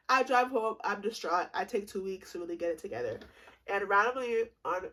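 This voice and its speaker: A woman's voice: medium pitch, brisk, a bit bright. A woman in her twenties telling a casual storytime vlog, rambling and profane, with frequent laughter. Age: 20s. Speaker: vlogger.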